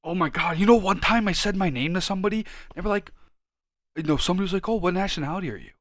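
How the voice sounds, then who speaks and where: A man co-hosting a podcast in casual chat, ranting and swearing freely and getting loud when worked up. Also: sits high, expressive, very fast, dry recording, clean studio sound. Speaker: podcast co-host.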